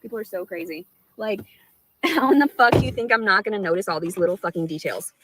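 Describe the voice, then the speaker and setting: A woman's voice: mid-range voice, fast, noisy background. A woman talking straight to her live stream audience, rambling and swearing a lot, with an aggrieved tone. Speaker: livestreamer.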